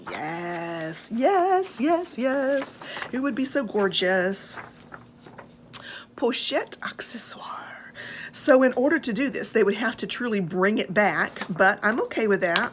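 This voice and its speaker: American woman, vlogger, mid-pitched, chatty, gushing with fillers, faint room hiss behind. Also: a bit bright. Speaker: handbag vlogger. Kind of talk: casual show-and-tell chat.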